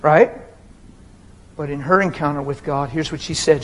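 A man's voice: a little high, moderate pace, a bit bright, low-quality recording. A man, a pastor, preaching a personal and emotional sermon in a conversational way, often talking straight to the crowd.

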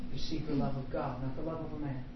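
A middle-aged man preaching a sermon testimony, swinging from hushed confession to loud, laughing exclamations. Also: on the high side, flat delivery, quick pace. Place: church hall. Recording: echoey, distant, dull sound with noise.

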